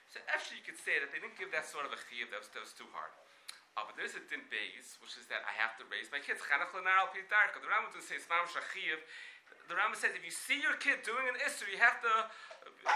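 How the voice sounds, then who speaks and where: Bright-voiced man giving a Talmud class. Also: on the high side, slight background noise. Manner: animated, questioning, frequent restarts. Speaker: Torah teacher. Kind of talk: Talmud lecture. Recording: echoey room with faint ambience.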